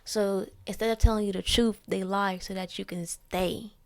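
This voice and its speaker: A young woman talks straight to her listeners in a candid solo podcast, dealing out blunt and profane advice full of slang. Her mid-range voice has a gravelly fry running through it. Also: medium pitch, steady tone, moderate pace. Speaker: podcast host.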